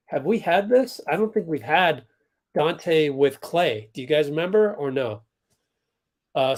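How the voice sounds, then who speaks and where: A man with a fairly high, slightly mellow voice hosts a basketball watch-along livestream. He gives chatty, casual commentary, reacting to plays as they happen and talking with chat viewers.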